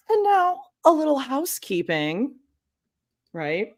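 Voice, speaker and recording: A woman's voice: mid-range voice, animated, measured pace. A woman co-hosting a pop culture podcast in casual chat, talking in a chatty, self-deprecating way over a video call. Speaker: podcast co-host.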